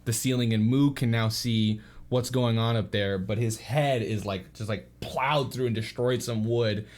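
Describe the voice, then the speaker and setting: A man's voice: medium pitch, steady tone, a little slow, darkish tone. A man narrating as game master of a tabletop game, rambling with lots of fillers. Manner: rambling, filler-heavy and giggly.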